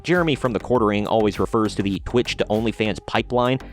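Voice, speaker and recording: A man's voice: fairly low pitch, quick pace, faint music behind. Sarcastic male commentary host. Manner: sarcastic and blunt. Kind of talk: opinionated commentary reading news articles.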